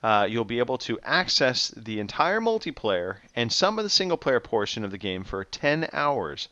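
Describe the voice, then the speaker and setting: A man's voice: mid-range voice, moderate pace, dry recording, muffled recording. A man co-hosting a gaming podcast, reading out news and quizzing his co-hosts in a teasing, game-show way. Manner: animated, teasing quiz-show delivery. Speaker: podcast co-host running a quiz. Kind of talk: casual gaming chat.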